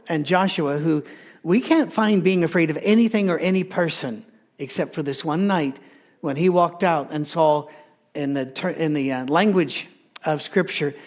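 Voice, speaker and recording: A male preacher tells a story with relaxed, conversational humor. His voice sits fairly high for a man. He moves easily between explaining and joking. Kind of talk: sermon.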